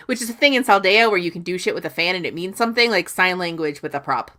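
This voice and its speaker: A woman's voice: lowish voice, lively intonation, bright, forceful tone. A woman podcast host giving a profane, comedic recap of a book chapter, with voiced quotes. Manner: profane, sassy, quick retelling with voiced quotes.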